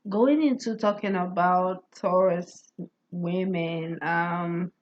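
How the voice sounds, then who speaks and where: A woman's voice: lowish voice, fairly even intonation, slow pace, slight background noise. A woman vlogger telling a personal story in a casual monologue. She stammers, restarts her words and keeps asking whether the listener gets what she is saying. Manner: keeps asking "you get what I'm saying?", often laughs. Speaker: astrology vlogger. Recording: slightly muffled lo-fi audio.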